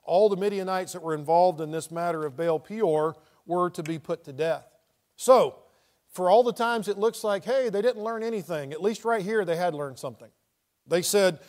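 A man's voice: sits high, a little fast, a little mellow. A man preaching verse by verse, reading scripture aloud and then paraphrasing it in plain everyday speech. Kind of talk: verse-by-verse Bible teaching.

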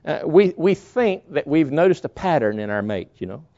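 Preacher guy, kinda high gravelly voice, folksy sermon vibe, muffled recording. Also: sing-song, moderate pace, dark tone. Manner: folksy storytelling, acts out quoted voices. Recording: dull lo-fi recording.

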